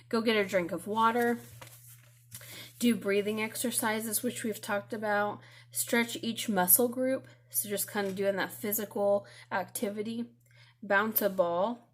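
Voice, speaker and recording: A young woman speaks to her students in a recorded lesson. She is gentle and reassuring, with the odd "um" as she goes. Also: medium pitch. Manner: gentle, reassuring, with frequent fillers.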